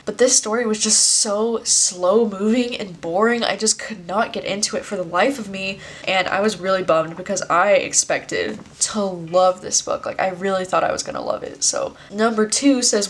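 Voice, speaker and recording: A woman in her twenties chatting casually to camera about books, full of "like" fillers and casual swearing. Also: mid-range voice. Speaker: book video creator. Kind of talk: casual chat.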